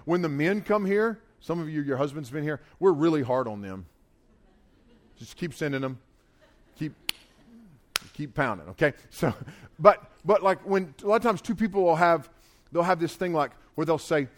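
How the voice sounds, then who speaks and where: A man with a Southern US accent preaching a conversational sermon, informal and talky, slowing down and pressing hard on key phrases. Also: a little high. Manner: informal and talky, full of "like" and restarts; stresses key phrases slowly and loudly.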